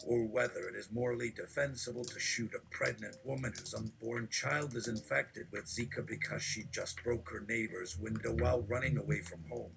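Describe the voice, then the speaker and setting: A man reading absurd text aloud in a deadpan, mock-preachy delivery, with a gravelly voice. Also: mid-range voice, normal speed, few pauses, background noise.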